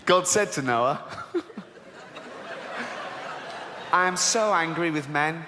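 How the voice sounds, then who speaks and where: A man's voice: lively intonation, a little slow, big-room sound. A man doing stand-up comedy, reading a children's Bible aloud with sardonic, sweary asides. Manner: sardonic, sweary asides, jumps to high squeaky outrage. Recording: live show, audience laughter and crowd noise.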